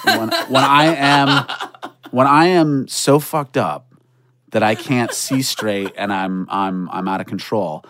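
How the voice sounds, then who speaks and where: A man telling a comic story on a podcast in an animated way, acting out voices with shouts and laughter. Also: lowish voice, slow pace, background noise.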